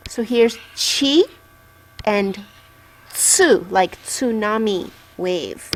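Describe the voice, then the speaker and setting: A woman teaching a language lesson at an unhurried, deliberate pace. She pronounces each syllable cleanly and patiently, pausing to check that the learner follows, in a mid-pitched voice. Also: expressive. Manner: patient, clearly enunciating syllables. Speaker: Japanese teacher.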